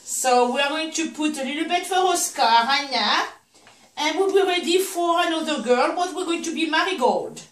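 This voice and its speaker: A woman's voice: sits high, lively intonation, normal speed. A woman chatting through a puppy feeding demonstration, cheering and coaxing the puppies as she goes. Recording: echoey room, mic at a distance.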